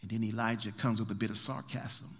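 A man's voice: on the low side, fairly even intonation, fairly quick, fairly bright tone, husky. A man preaching a sermon, retelling a story in a dramatic, folksy way. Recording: long hall reverb.

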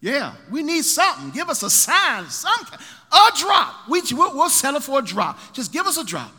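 A man's voice: extremely high pitch, huge pitch swings, normal speed, pitched above the performer's own voice, heavily acted. A man preaching, voicing a crowd of desperate male false prophets who holler and plead. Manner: pleading, shouting. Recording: long hall reverb.

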